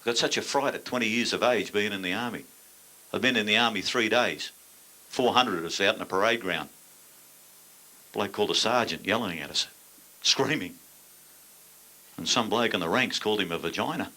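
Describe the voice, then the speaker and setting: A man's voice: fairly low pitch, normal speed, long pauses, bright, forceful tone. An older man with an Australian accent, a stand-up comedian telling crude yarns with blunt, dry punchlines to a laughing audience.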